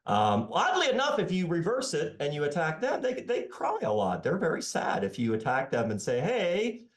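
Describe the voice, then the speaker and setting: A man in his fifties, an economics professor, talking in a podcast interview in a sarcastic, animated way. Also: on the high side, fairly quick, echoey room. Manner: animated and sarcastic, voicing his critics mockingly. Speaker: economics professor and author, guest.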